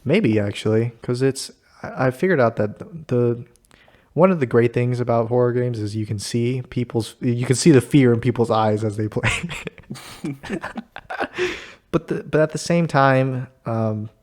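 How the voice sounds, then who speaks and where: A man's voice: medium pitch, normal speed, a little mellow. A man hosting a casual chat with a friend, easygoing and laughing often. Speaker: host.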